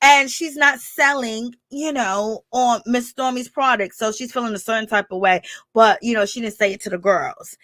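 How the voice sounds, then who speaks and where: A woman hosts a casual recap chat, animated and quick to laugh. Her voice sits high and bright, and the recording is close and dry with no room sound. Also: dry recording. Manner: animated, laughing, expressive reactions. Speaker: reality TV recap host.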